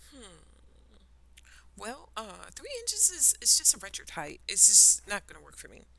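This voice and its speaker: A woman's voice: high voice, big pitch swings, a little slow, vocal fry, fairly bright tone, voice pushed up, exaggerated voice. A woman voicing a young girl from a storybook, hesitant and stumbling over her words. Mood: flustered. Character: young girl, polite but easily flustered. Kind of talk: children's storybook reading.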